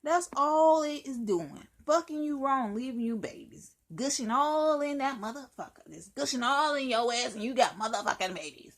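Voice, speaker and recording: A woman's voice: lively intonation, normal speed, few pauses. A woman hosting her own show, giving blunt, profane life advice in a sassy monologue and calling the listener honey child. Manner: swings into high whiny mock voices. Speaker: host.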